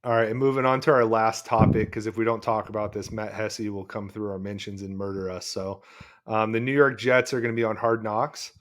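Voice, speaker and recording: A laid-back man with a fairly low voice, co-hosting a sports podcast. He talks in an easygoing, chatty way and laughs along often. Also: level tone, brisk, fairly bright tone. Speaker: podcast co-host. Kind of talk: casual sports chat.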